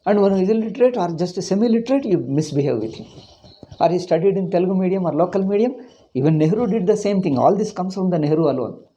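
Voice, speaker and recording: A man's voice: sits high, lively intonation, quick pace, dark tone. A man with an Indian English accent teaching a Sanskrit class, ranting with emphasis and then going through word meanings. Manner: explaining word meanings one by one. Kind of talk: informal class lecture.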